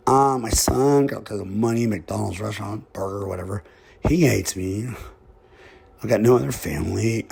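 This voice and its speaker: A man tells a rambling comic tale in a slow drawl, breaking into chuckling asides. His voice is gravelly and rough, with a husky rasp over every line. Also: on the low side, a little mellow. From Texas. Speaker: comedic storyteller.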